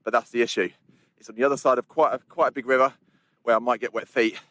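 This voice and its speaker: A hiking vlogger talks fast in a mid-range voice from a campsite on windy fells. He's chatty and relaxed, addressing his viewers directly and tossing in casual asides.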